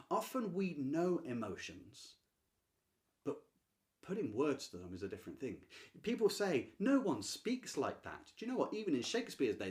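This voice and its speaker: A man who teaches literature to camera, talking emphatically and swinging between loud declarations and hushed stresses. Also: medium pitch. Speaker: literature teacher and channel host. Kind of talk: enthusiastic explanatory talk to camera.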